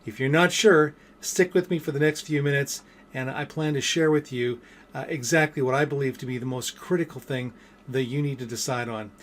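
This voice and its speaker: A middle-aged man who works as a business coach vlogs to camera in a casual motivational talk. His medium-pitched voice runs a little fast, with a slight hiss or hum in the audio, and he tells stories loosely and chattily, full of fillers and restarts.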